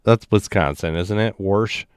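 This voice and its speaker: Laid-back male stream host, low and smooth, dry close sound. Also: unhurried, no room sound. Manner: laughs often, swears, animated storyteller. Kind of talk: casual chat.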